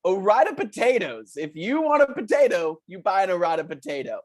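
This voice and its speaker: A man's voice: high voice, very animated, brisk, voice pushed up. A man improvising an overeager children's TV show host, talking in a sing-song way as he plugs a sponsor. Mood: peppy. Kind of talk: improv comedy scene.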